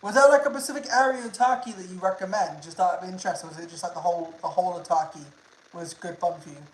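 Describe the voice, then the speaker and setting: A man's voice: high-pitched, quick pace. A young man from the United Kingdom, chatting casually with his livestream viewers, swearing freely and repeating himself. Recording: roomy echo.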